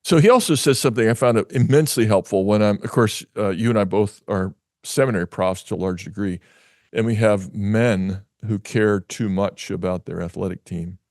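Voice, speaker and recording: A middle-aged man with a fairly low voice hosts a conversational interview, leaning into stories with a dry sense of humor. His voice is caught close and dry, with no room sound around it. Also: moderate pace, a little mellow, no echo. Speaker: host; seminary professor.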